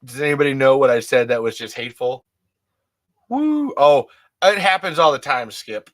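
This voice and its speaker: A man's voice: medium pitch, brisk. A man hosting a podcast, talking alone in a rambling, candid way and often restarting his sentences. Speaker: podcast host. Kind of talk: casual solo monologue.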